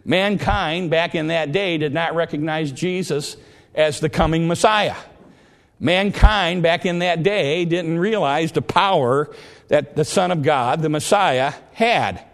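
Man, sermon, earnest, repeats and restarts phrases, slightly high voice, long echoing reverb. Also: unhurried. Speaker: preacher.

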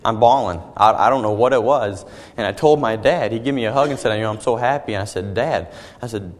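A young man giving an earnest personal testimony as a sermon, halting and often repeating his words. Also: lowish voice, big-room sound. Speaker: young preacher.

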